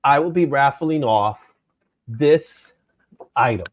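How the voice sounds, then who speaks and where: A man's voice: mid-range voice, animated, takes it slowly, highs cut off. A man hosting a comic book show in a loose, joking chat, with easy laughs. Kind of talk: casual chat.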